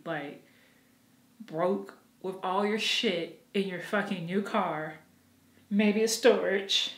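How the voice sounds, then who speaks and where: A woman's voice: medium pitch, roomy sound. A woman vlogging from her apartment, talking frankly and with lots of swearing, laughing at herself as she goes. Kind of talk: casual confessional vlog.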